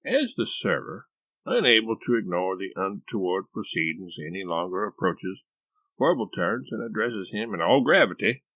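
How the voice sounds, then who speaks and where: Male author reading his comic novel aloud, low voice with lively ups and downs, dry close sound. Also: normal speed, dry recording. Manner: wry, expressive storytelling. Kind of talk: scripted narration of a comic story.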